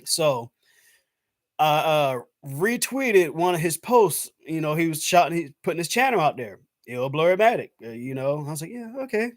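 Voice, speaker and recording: A man's voice: on the high side, moderate pace, no room sound, clean studio sound. Chatty American man, casual stream. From United States. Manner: loose and chatty, lots of "man" and "I was like"; animated when acting out his own past thoughts. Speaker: YouTube channel host. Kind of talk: casual live-stream chat.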